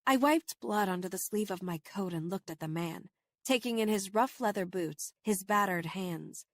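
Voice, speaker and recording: A woman's voice: medium pitch, no echo. Woman narrating a horror audiobook, dry sound. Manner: steady, measured storytelling. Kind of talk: scripted first-person audiobook narration.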